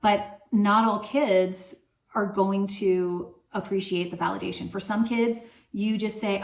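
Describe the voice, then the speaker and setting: A woman in her thirties hosting a parenting channel, answering viewer questions in a gentle, conversational way with soft laughs and fillers. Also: mid-range voice, fairly even intonation, measured pace, gravelly, roomy sound.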